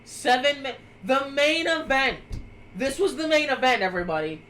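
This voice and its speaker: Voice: high voice, animated, normal speed, a bit bright, a little hiss or hum, rough recording. A streamer co-hosting a live show, chatting casually with blunt, sarcastic remarks and offhand swearing. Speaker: streamer co-host.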